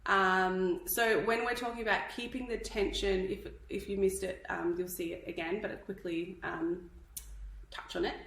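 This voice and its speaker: A woman's voice: mid-range voice, fairly even intonation, moderate pace, gravelly, fairly bright tone, echoey room, rough recording. Chatty woman teaching hairstyling, a bit breathless. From Australia. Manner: chatty, instructive, checks in with "okay?". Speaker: hairdressing educator. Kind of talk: live tutorial.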